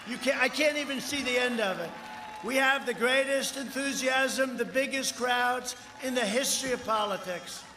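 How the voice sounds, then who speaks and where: An older man in his seventies giving a boastful, rambling campaign speech at a large outdoor rally, often shouting. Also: extremely high pitch, moderate pace, crowd noise, background noise. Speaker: political candidate at a rally. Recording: echoey live rally sound with long reverb.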